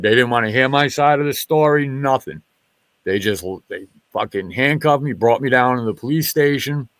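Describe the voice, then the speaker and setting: A man, a former military police officer, swearing freely in an animated story that acts out what each person said. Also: mid-range voice, normal speed, dry recording. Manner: profane, animated retelling with quoted dialogue. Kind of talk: casual storytelling in a group chat.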